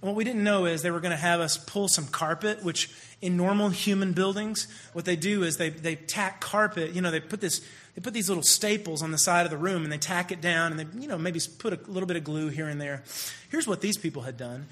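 Animated, bright-voiced preacher man. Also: sits high, fairly quick. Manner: animated, swings between hushed and loud. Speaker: youth minister. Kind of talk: sermon storytelling.

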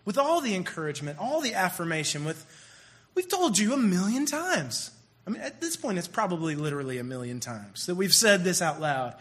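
Animated young man, high voice. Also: a little fast. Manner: animated, acts out quoted voices. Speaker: speaker. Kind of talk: comedic monologue.

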